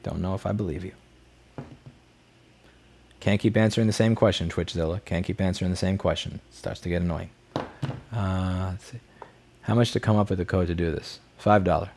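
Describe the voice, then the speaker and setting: A man's voice: low voice, fairly even intonation, moderate pace, gravelly, pauses often, darkish tone, slight background noise. Blunt, profane man hosting a livestream. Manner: blunt and profane, reading and answering chat messages. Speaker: livestream host answering chat. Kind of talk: casual livestream chat.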